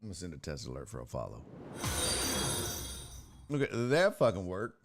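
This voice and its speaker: A man's voice: sits low, wildly swooping pitch, soft background music. A man hosting a live-streamed sports talk show, reading and answering viewer messages, cursing freely and laughing in between. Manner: profane, exasperated, quick to laugh.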